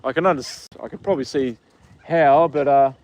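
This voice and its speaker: Relaxed Australian male host, casual outdoor stream chat, talks to his horse between comments. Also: medium pitch, brisk, dull audio. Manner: easygoing, chats to his horse and reads viewer comments. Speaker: livestream host.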